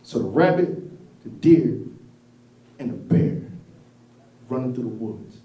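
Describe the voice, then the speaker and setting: A man's voice: medium pitch, lively intonation, measured pace, pauses often, music in the background. A man doing a stand-up set in a comedy club, profane and laughing at his own jokes. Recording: echoey room from far off, crowd.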